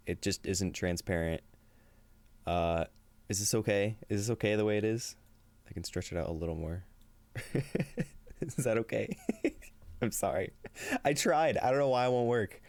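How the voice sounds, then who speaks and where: Lively, low-voiced streamer chatting casually. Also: male voice, no echo. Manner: upbeat, laughs often, reads chat aloud. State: tired and a little shaky. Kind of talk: casual livestream chat.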